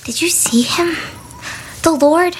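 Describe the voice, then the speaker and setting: A woman's voice: very high voice, takes it slowly. A woman voicing a small, earnest girl who asks questions in a whisper, in an audio Bible drama. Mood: hushed, curious.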